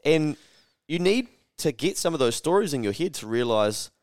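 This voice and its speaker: A man's voice: fairly high pitch, moderate pace, clean tone, dry recording, studio quality. A man co-hosting a casual podcast, swearing freely and telling stories with animation. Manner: swears a lot, animated storyteller. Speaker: podcast co-host.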